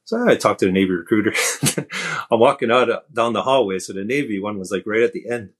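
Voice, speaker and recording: A middle-aged man from Canada, a podcast guest, telling stories in a relaxed, self-deprecating way with many fillers. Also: on the low side, quick pace, slightly rough. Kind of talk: casual storytelling.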